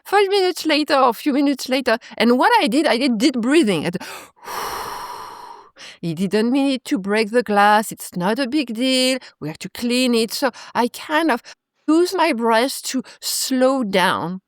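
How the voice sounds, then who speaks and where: A woman's voice: a little high, lively intonation, normal speed, no room sound. Reflective woman yoga teacher, dry sound. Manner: reflective, retells stories with acted quotes, frequent restarts. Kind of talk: conversational interview.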